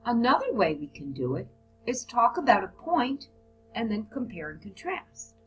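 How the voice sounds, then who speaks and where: A woman teaching a recorded lesson on writing business reports. She reads model sentences and lists of phrases aloud, then stops to explain how they work. Faint music plays quietly behind her voice. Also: on the high side, very animated, normal speed, rough recording. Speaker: English teacher.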